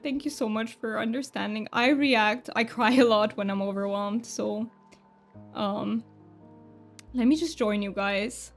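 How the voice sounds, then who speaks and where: Chatty woman game streamer, higher voice. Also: steady tone, a little slow, soft background music. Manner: chatty, self-deprecating, reads chat aloud. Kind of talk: casual live-stream chat.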